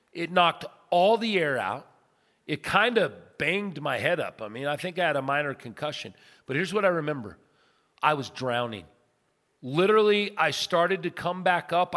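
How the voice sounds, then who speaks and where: A middle-aged male pastor preaching a sermon, telling a story with big swings from loud to soft. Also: fairly high pitch. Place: church sanctuary. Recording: long hall reverb.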